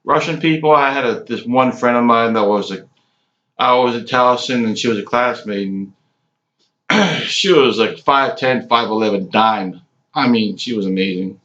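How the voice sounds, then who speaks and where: A man in his late forties giving a casual, rambling cigar review, halting often with ums. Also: medium pitch, a bit bright. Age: 40s. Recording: echoey room, dull lo-fi sound.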